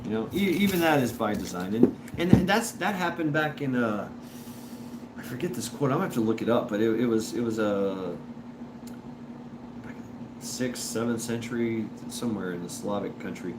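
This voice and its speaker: A man talks casually on a livestream, reacting to chat in stop-start bursts and repeating himself as he goes. His pitch swings around a lot. A steady hiss of background noise sits under the voice. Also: normal speed. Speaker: livestream host reading chat. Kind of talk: casual rambling livestream talk.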